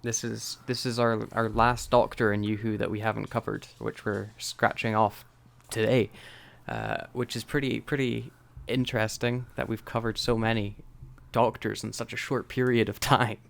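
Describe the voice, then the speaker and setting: Podcast host guy, gravelly fry in his voice, laid back and joking at himself. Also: fairly low pitch, normal speed. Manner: relaxed, self-deprecating, uses fillers. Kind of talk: casual podcast chat.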